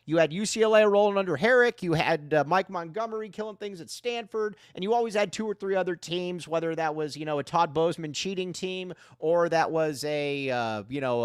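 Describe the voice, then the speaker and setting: A man's voice: a little high, smooth, dry recording, studio quality. A man hosting a casual sports podcast, playful and jokey as he reads out listener questions. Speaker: podcast host.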